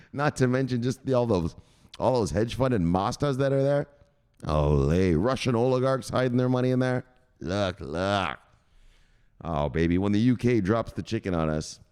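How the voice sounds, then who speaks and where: A man hosting a crypto news show, excitable and profane, giving casual commentary and punctuating his points with a shouted "bang.". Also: fairly low pitch, normal speed, long pauses, smooth.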